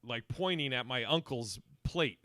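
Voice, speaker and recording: A man hosting a casual comedy podcast, telling stories in an animated way, laughing and swearing. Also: medium pitch, a little slow, dry recording, studio quality. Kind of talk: casual chat, storytelling.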